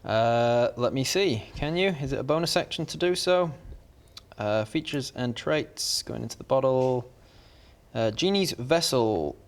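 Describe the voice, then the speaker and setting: A man's voice: mid-range voice, animated, a little slow. A man running a tabletop game as game master, patiently explaining rules and choices.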